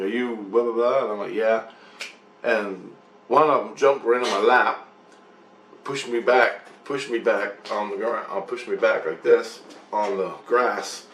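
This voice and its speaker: Rambling man retelling a dream, roomy echo. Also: on the low side. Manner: repetitive, profane, excitable retelling. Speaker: dream storyteller. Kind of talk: rambling first-person dream recounting. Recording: roomy echo with faint ambient noise.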